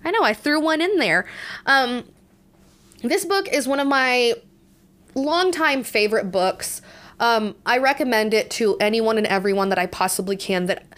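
Chatting on her casual book review podcast, this young host sounds congested and laughs a lot, with plenty of fillers and false starts. Her voice leans high and a bit bright, with lively intonation and a moderate pace.

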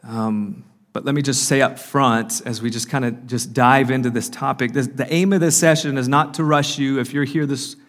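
A man gives an earnest talk at a church conference in a mid-range voice. He often pauses on fillers and restarts his phrases as he speaks. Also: mid-range voice, fairly even intonation, fairly bright tone. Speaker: conference speaker and podcast host. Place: conference hall.

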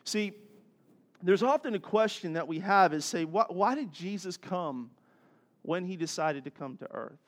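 A middle-aged man preaching a sermon as pastor, telling stories with animated swings from soft to loud. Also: high-pitched, measured pace.

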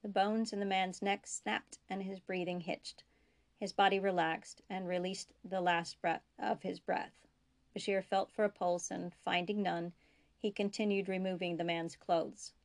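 A woman reading her own fiction aloud in a steady, measured narration, dropping to soft whispers for tense dialogue. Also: mid-range voice. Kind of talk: audiobook-style fiction reading.

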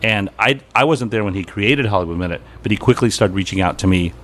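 Middle-aged guy telling dry funny stories, lowish voice, podcast guest. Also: quick pace, fairly bright tone, a little hiss or hum. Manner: wry, anecdotal, quotes people in voices. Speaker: comedy writer guest. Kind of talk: casual podcast storytelling.

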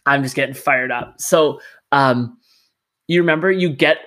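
A man ranting in casual chat about a video game, animated and profane, acting out the characters' lines. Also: mid-range voice, normal speed.

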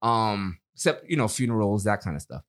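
A man telling stories in casual podcast chat, relaxed, with trailing pauses and fillers. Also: fairly low pitch. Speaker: podcast co-host.

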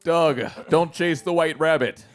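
A man's voice: fairly high pitch, a little slow, faint music behind. A man playing a tabletop game, joking, swearing and reacting with lots of energy. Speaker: player. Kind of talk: casual tabletop game chat.

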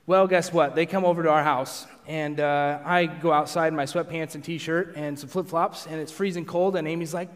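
A man preaching to a live congregation, telling a self-deprecating personal story in an animated way. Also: fairly high pitch, fairly quick. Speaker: pastor. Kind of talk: storytelling sermon. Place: large hall with a live audience. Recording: long hall reverb.

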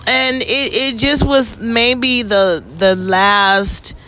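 A woman's voice: on the high side, steady tone, extremely slow, pushed and bright, soft background music. A woman hosting her own podcast, talking in a blunt, profane, rambling monologue and yawning often. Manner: frequent yawning. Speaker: podcast host. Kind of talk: casual monologue.

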